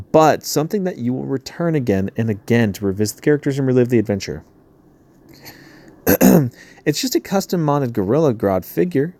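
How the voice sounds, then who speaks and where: A man's voice: medium pitch, gravelly, warm tone. A man casually commenting as he reads through a crowdfunding page, laughing easily and trailing off into mumbles. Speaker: YouTuber reviewing a crowdfunding campaign. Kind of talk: casual commentary reading a campaign page aloud.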